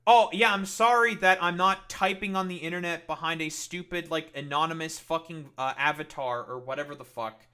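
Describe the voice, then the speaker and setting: Male streamer, combative live-stream rant, profane and sarcastic, forceful tone. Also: fairly high pitch, normal speed, hardly any pauses, clean tone. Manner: sarcastic, mocking.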